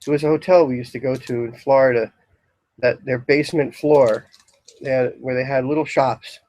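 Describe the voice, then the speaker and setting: A man giving a casual, rambling talk on incense in a shop, describing scents with many pauses. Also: mid-range voice, fairly even intonation, darkish tone, rough recording. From Philadelphia area, US. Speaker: incense store lecturer. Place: shop, indoors.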